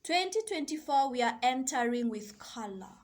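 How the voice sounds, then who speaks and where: A woman coach sharing a slow, soft and deliberate reflective monologue. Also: high voice, animated. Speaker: self-love and mindset coach.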